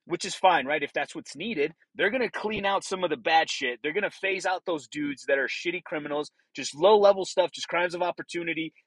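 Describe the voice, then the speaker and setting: Middle-aged ex-cop type, husky, slightly high voice, blunt and profane, dry close sound. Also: male voice, brisk, hardly any pauses, fairly bright tone, dry recording, poor audio. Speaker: former police officer. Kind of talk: casual monologue.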